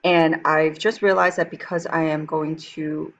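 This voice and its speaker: A woman teaching a Chinese textbook lesson, talking quickly and chattily, and slowing down for careful pronunciation demonstrations. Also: deep voice, level tone, highs cut off, a little hiss or hum. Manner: fast-talking, chatty, switches into slow careful Mandarin demonstrations.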